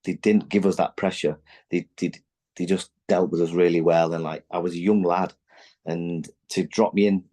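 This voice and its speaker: A man in his forties with a low, mellow voice recounts old football days on a podcast. He talks loosely, piles on fillers and restarts, and slips into lively impressions of teammates. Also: normal speed. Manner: animated, acts out quotes from teammates. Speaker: former footballer guest. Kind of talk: candid podcast storytelling.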